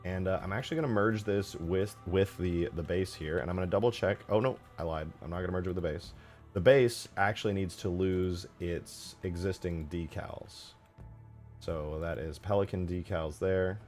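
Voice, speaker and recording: A man giving relaxed, rambling commentary while modding a game, often correcting himself as he goes. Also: low-pitched, moderate pace. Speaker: modding streamer. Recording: faint background music.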